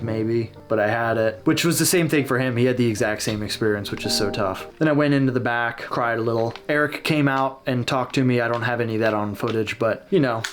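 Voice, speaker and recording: A man hosting a casual reaction video, talking candidly and self-deprecatingly about his own match footage. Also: mid-range voice.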